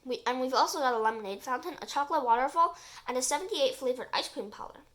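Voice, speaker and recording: Woman doing an excitable storybook boy. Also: sits high, quick pace. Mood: eager. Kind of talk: storybook read-aloud.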